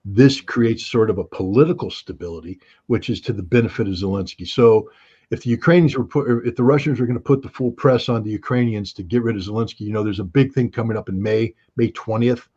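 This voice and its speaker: A man's voice: lowish voice, fairly quick, warm tone, slightly rough, lo-fi sound. A man speaking as an interview guest, blunt and sardonic in casual talk. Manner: blunt, sardonic, with short laughs.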